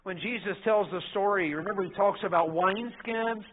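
A middle-aged man, preaching a sermon in a folksy storytelling way that swings between loud and soft. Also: high-pitched, fairly quick. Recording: phone-like narrow sound.

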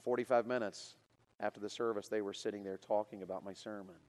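Pastor type, storytelling sermon to a youth crowd, lively and builds to loud excitement. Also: male voice, lowish voice, quick pace, big-room sound.

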